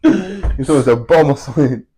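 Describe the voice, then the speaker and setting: A man's voice: on the high side, expressive, moderate pace, warm tone. A man hosting a podcast in casual chat, playful and full of slang, laughing often. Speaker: podcast host.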